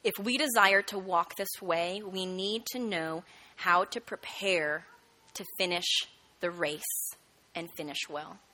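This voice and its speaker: A woman preaching a sermon, telling a personal testimony in an animated storytelling way and acting out the voices of the people in it. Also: on the low side, takes it slowly.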